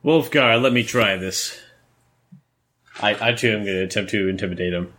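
Lowish-voiced male player. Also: moderate pace, fairly bright tone. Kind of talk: casual tabletop game chat.

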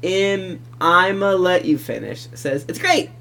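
A man's voice: high voice, expressive, slow, vocal fry, bright, forceful tone. A man co-hosting a podcast, chatting casually and reading listener reviews aloud with asides. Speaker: podcast co-host.

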